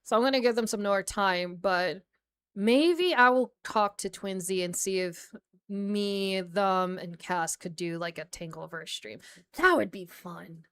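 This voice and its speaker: A woman's voice: medium pitch, measured pace, clear, resonant tone. A young American woman chatting casually on a livestream as a VTuber, rambling with lots of fillers and frequent laughter. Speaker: VTuber streamer.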